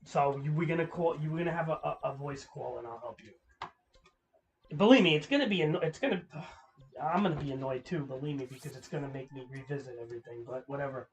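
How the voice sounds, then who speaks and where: A man's voice: a little high, fast, slight background noise. Profane rambling man commenting on gameplay. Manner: profane, rambling, restarts words often. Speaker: gaming channel host. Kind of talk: casual gameplay commentary to a viewer.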